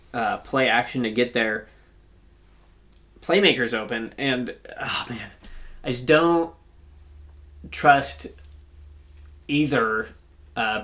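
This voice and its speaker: A man's voice: medium pitch, bright, forceful tone. Rambling man chatting football. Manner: rambling, many fillers and restarts. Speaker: podcast co-host. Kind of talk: casual sports chat.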